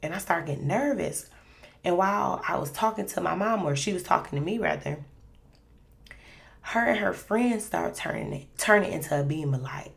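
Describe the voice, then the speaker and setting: Low, gravelly woman podcast host. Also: lively intonation, moderate pace. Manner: rambling, conversational, many fillers. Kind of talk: casual faith podcast storytelling.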